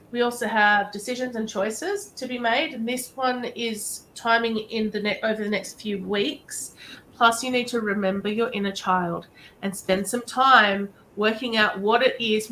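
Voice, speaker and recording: A woman's voice: on the high side, fairly bright tone, slight background noise, low-quality recording. A woman hosting a live-stream card reading, talking directly and encouragingly in a chatty way. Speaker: psychic reader and show host.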